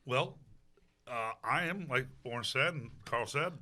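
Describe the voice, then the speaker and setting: A male opera singer from Virginia, co-hosting a podcast in easy chat with quick, wry remarks. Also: mid-range voice, pushed and bright. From Virginia, USA. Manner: laughs easily, wry interjections. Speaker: podcast co-host, opera bass. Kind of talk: casual chat.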